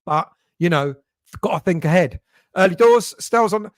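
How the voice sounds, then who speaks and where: A man's voice: sits high, expressive, normal speed, dry recording, clean studio sound. A man hosting a casual live stream, chatting and greeting viewers by name as he reads their messages. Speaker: fan channel host reading live chat.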